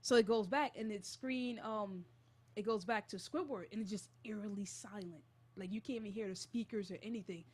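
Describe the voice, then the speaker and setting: A young woman hosting a college radio show, retelling a creepy story in a casual, animated and jittery way. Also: mid-range voice, a little fast, husky.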